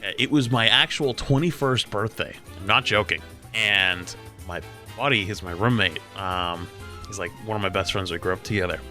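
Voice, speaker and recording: A young man in his twenties, a streamer casually telling a story, animated and profane, often getting loud. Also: on the low side, moderate pace, soft background music. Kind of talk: casual storytelling while gaming.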